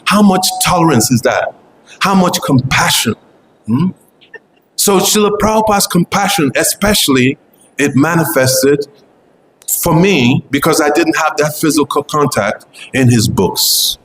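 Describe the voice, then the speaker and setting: A man's voice: fairly high pitch, expressive, normal speed, fairly bright tone, reverberant, slight background noise, poor audio. A man giving an earnest devotional memorial talk, fervent and repetitive, often restarting his phrases. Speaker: devotional speaker.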